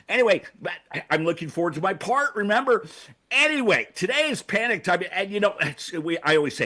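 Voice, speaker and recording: Older man ranting comically, high and animated. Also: brisk. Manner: stammering, acts out scenes in shouted voices. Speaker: segment host. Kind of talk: comic rant. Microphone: video call.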